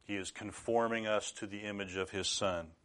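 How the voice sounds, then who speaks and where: A middle-aged man preaching a sermon in an earnest, measured way, now and then rising to loud bursts. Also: on the low side, fairly even intonation.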